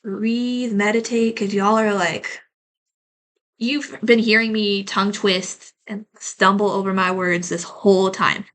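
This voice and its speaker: A woman tarot reader talks straight to her viewers in a loose, rambling way, leaning on "like" as filler and calling them y'all. Her voice sits at a mid pitch with a crisp, bright edge. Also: steady tone, unhurried. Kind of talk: casual collective tarot reading to camera.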